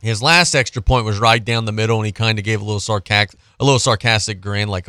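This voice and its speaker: Bright, crisp-voiced sarcastic sports host. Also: male voice, on the low side, quick pace, no room sound, clean studio sound. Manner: sarcastic, ranting. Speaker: sports talk show host. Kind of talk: casual sports talk.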